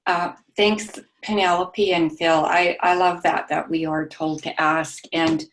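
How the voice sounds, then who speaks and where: A woman sharing in a study group, soft-spoken and halting, with frequent pauses and ums. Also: on the low side, flat delivery, a little hiss or hum. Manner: describes herself as meek and mild.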